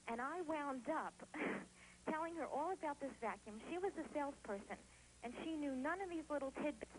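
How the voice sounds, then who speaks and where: A woman from New Jersey rings in to a home shopping broadcast and raves in a chatty, gushing rush. Her voice sits slightly high, and a faint hiss runs under it. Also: a little fast, rough recording. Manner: gushing, chatty, laughs easily. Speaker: call-in viewer. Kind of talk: phone-in testimonial.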